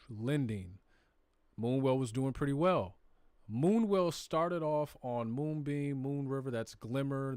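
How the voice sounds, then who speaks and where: A man's voice: mid-range voice, no room sound. Southern-tinged man talking crypto on stream. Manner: conversational, talks to viewers directly, slips into slang. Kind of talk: casual screen-share walkthrough.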